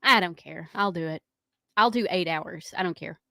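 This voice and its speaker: A woman's voice: on the low side, normal speed, creaky, sharp tone, no echo, studio quality. A woman co-hosting a morning radio show, chatting casually and telling rambling stories in an easygoing way.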